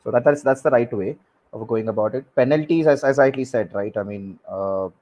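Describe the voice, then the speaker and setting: A man, speaking as a guest expert on a panel, halting and repeating words with many fillers. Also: medium pitch, mellow, rough recording. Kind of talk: panel discussion.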